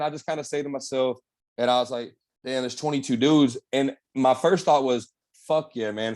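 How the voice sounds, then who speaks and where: A young man with a medium-pitched, somewhat dark voice appears as a bodybuilder guest on an interview. He tells his story casually and candidly, laid-back and slangy, swearing a lot.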